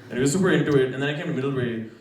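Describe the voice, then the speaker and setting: A man's voice: medium pitch, far from the mic. Young man telling a story in an echoey hall. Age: young adult. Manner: conversational and halting, full of "like" and "you know". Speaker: student storyteller. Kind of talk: live personal storytelling on stage. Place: college event hall.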